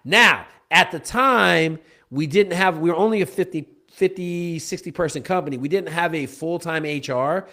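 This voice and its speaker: A man's voice: on the high side, normal speed, hardly any pauses, bright, forceful tone. A man, a podcast guest, telling a story emphatically and often checking in with "okay?". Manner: emphatic, punctuates with "okay?" and "bro". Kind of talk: animated storytelling in a conversation.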